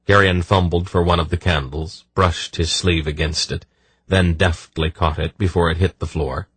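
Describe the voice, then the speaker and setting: A male audiobook narrator with a low, deep voice reads fantasy prose in a measured, steady way. His tone is slightly husky, and the sound is close and dry. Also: no room sound.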